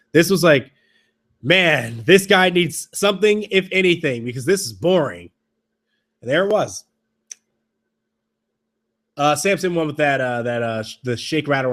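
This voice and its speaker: A man hosting a podcast, recapping wrestling in a casual, rambling way with halting restarts and wry, mocking asides. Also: on the high side. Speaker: podcast host.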